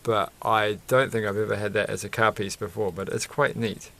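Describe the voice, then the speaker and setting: A man's voice: on the low side, fairly even intonation, moderate pace, creaky, sharp tone, no room sound. A man chatting casually and rambling while building a Lego set, often chuckling and correcting himself.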